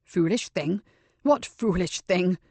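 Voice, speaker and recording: A gentle but blustering older husband, as a woman reader puts him on protests in a raised, bewildered voice. The sound is close and dry. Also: fairly low pitch, takes it slowly, husky, dry recording, full character voice. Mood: indignant.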